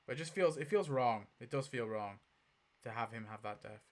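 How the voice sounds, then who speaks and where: Chatty man thinking out loud. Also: mid-range voice, normal speed. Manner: chatty, thinks aloud, swears and laughs often. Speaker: YouTube host. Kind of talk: casual commentary while spinning a wheel.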